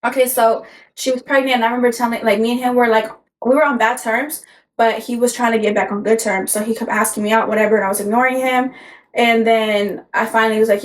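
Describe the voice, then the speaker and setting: A woman's voice: on the high side, fairly even intonation, fast talker, poor audio. A young woman co-hosting a casual chat, telling a long personal story with lots of swearing and rambling asides. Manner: rambling, swears freely, laughs through her story. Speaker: podcast co-host.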